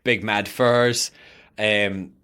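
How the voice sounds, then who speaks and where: A man's voice: lowish voice, fairly even intonation, bright, forceful tone, clean tone. A man hosting a podcast, chatting casually in a laid-back, sweary way. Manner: laid-back, sweary, quick to laugh along. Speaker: podcast host. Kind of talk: casual chat.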